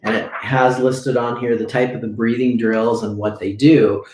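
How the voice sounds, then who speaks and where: A man's voice: medium pitch, little pitch movement, moderate pace, background noise. A man as a breathing coach teaching a live lesson, demonstrating drills as he explains and often checking in with "okay?". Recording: echoey room.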